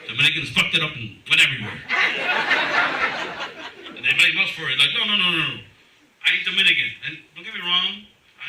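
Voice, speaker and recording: A man from Massachusetts doing a crude stand-up comedy set, joking with the crowd from a club stage. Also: a little high. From Massachusetts, USA. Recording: echoey club, far from the mic, noisy.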